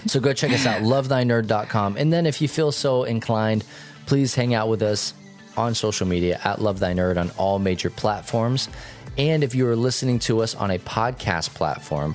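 A young man co-hosting a casual podcast, talking in an animated, jokey way with quick asides. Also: lowish voice. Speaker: podcast co-host.

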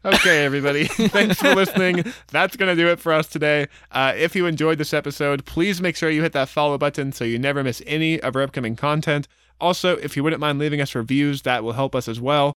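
A man's voice: on the high side, fairly even intonation, quick pace, fairly bright tone, smooth, no room sound, studio quality. A man co-hosting a movie review podcast, joking in casual chat and reading the show's outro. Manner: playful, reads show outro plainly. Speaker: podcast co-host.

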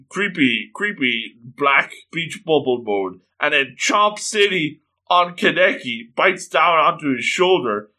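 Excitable guy reading a comic out loud, bright voice, goes up and down a lot, lots of jokey asides. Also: on the high side, slow, hardly any pauses. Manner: animated, laughing asides, exclamations. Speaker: reader and commentator. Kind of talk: comedic comic-book read-along.

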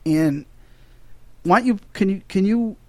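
A man's voice: high-pitched, measured pace, dry recording. A man hosting a casual movie-talk podcast, rambling and stumbling over his words as he gets emotional. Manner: rambling, restarts a lot, emotional. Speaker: podcast host.

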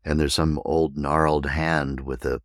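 A man hosting a podcast and teaching meditation, speaking deliberately and spelling out words letter by letter. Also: rumbling low, flat delivery, no echo, studio quality.

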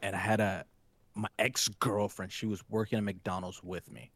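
A young man hosting a podcast, telling a crude story in a casual, profane, animated way and acting out the scene. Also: on the low side, normal speed. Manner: animated storyteller, acts out the scene, laughs hard. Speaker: podcast host.

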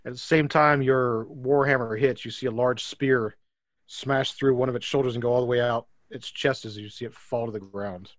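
A man's voice: mid-range voice, fairly even intonation, moderate pace, dry recording. A man narrating a tabletop game as game master, describing scenes with many fillers.

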